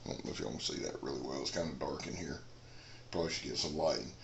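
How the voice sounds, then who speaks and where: A man's voice: rumbling low, fast talker, gravelly, reverberant, noisy background. A man, rambling in a folksy casual chat as a knife reviewer in a dim room. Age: 40s.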